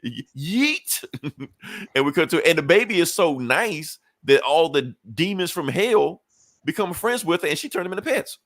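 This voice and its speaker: A man co-hosting a podcast recaps a comic book loosely, swearing often and using many fillers. His voice is a little high, bright, and expressive at a moderate pace, captured in a dry, clean studio recording.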